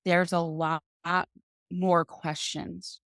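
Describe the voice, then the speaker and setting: A woman guest on a podcast, telling her own story in an animated conversational way. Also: on the low side, very slow, no echo, studio quality. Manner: animated, acts out other people's voices in quotes.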